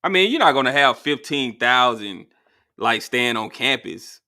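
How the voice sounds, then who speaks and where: A man hosting a live call-in show, chatty and relaxed as he thanks callers and talks to his viewers. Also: mid-range voice, unhurried. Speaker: host.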